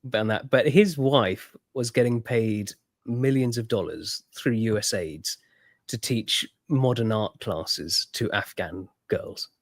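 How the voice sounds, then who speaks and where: A man's voice: on the low side, takes it slowly, no room sound, studio quality. A man in casual podcast chat, agreeable and chuckling often. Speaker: podcast co-host.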